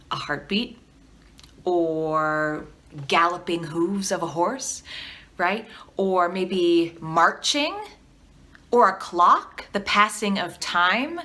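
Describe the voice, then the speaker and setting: Woman teaching artist doing a video lesson, unhurried and encouraging, lots of questions to the viewer. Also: medium pitch, pushed and bright. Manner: encouraging, asks the viewer questions and leads call-and-response.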